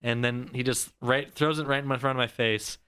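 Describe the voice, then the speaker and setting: A man's voice: medium pitch, fairly even intonation, moderate pace, bright, forceful tone, smooth. A young man co-hosting a podcast, chatting in a laid-back way, laughing often and saying "like" a lot. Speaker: podcast co-host. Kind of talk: casual chat.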